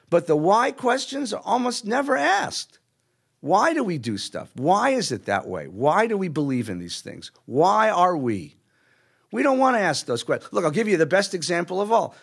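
A man's voice: high voice, breathy edge. A middle-aged man, a rabbi, telling stories in a sermon and acting out the people in them. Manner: animated storyteller acting out voices. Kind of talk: storytelling sermon.

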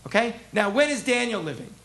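A man teaching a text class as a rabbi, animated, asking the class questions and acting out the prophets' voices. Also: very high-pitched, brisk. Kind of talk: interactive text lesson.

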